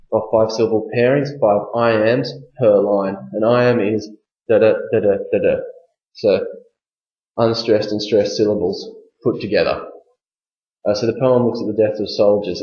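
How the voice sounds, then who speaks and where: A male teacher giving a recorded lesson on a poem, reading verse slowly and explaining step by step with frequent "okay?" checks. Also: fairly low pitch, a little mellow. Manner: reads verse slowly and deliberately. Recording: echoey room, dull lo-fi sound.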